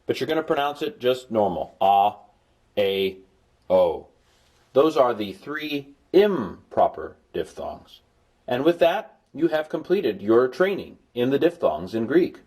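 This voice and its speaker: A man's voice: mid-range voice, big pitch swings, slow, a little mellow, husky. A man recording a language lesson as a tutor, explaining patiently and dropping playful, jokey asides to his students. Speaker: Greek tutor.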